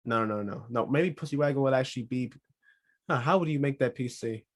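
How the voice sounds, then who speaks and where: A man's voice: mid-range voice, a little fast. A man hosting a solo podcast, talking casually with rambling, joking asides. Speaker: podcast host.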